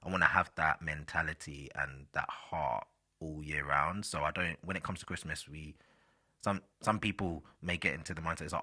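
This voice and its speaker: A man's voice: very deep voice, fairly even intonation, normal speed, bright, forceful tone, breathy edge. A man hosting a solo podcast, chatting casually and rambling with fillers, speaking directly to his listeners. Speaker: podcast host.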